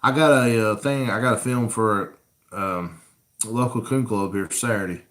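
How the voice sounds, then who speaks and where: A man's voice: lowish voice, moderate pace, fairly bright tone. A man hosting a casual live-stream Q&A, chatting easily and reading viewer comments aloud. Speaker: coon hunting channel host. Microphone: camera rig mic.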